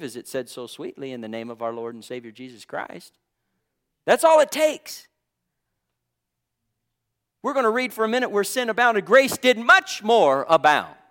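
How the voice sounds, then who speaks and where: Animated, higher-voiced male preacher. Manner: impassioned, conversational preaching with exclamations. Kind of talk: sermon.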